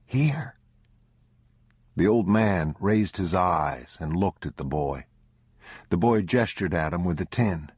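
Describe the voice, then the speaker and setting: A man narrates a bleak survival audiobook with a measured, grim delivery. His voice is deep and husky, and the close, dry recording keeps it intimate. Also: a little mellow, no room sound. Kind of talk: scripted narration.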